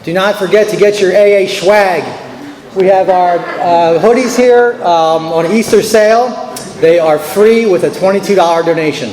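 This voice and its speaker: Meeting chair, male, high voice, businesslike announcements; echoey room. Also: normal speed, crowd noise. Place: church meeting hall. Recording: echoey hall.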